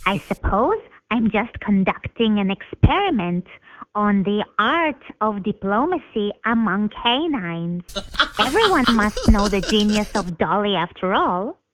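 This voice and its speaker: A woman's voice: mid-range voice, very animated, measured pace, a bit bright, slight background noise, low-quality recording. A synthetic female voice playing a chatty, grandiose female dachshund with flowery, mock-formal wording.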